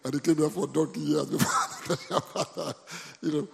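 A man's voice: fairly high pitch, steady tone, measured pace, vocal fry, in a large hall. A Nigerian man preaching as a pastor, often checking in with the congregation and repeating his points. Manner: preachy call-and-response, repeating lines to the congregation. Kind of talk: sermon. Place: church.

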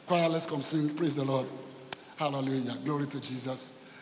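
A man with a Nigerian accent and a steady, mid-range voice preaches a sermon at a moderate pace, leading the congregation in rhythmic call-and-response and repeating himself emphatically. Background noise accompanies the echoey church hall recording with its long reverb.

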